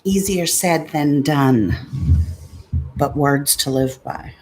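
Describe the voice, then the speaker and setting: A woman chats casually to her viewers from home, unhurried and low in her voice. She jokes sarcastically and curses when things go wrong. A faint hum of the room sits under her talk. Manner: chatty, sarcastic, swears when frustrated. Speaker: vlogger. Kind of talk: casual vlog chat.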